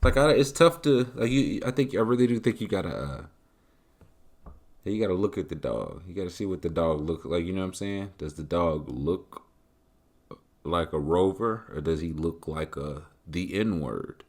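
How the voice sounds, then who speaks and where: Deep-voiced joking podcast host man. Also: moderate pace. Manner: joking, animated, conversational. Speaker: podcast host answering listener questions. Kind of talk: casual chat.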